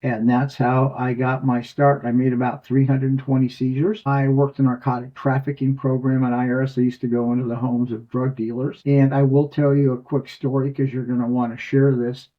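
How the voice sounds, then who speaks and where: An older man, a former tax agent being interviewed, telling a rambling, animated story and cursing freely over a video call. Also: medium pitch, moderate pace, hardly any pauses. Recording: muffled lo-fi audio.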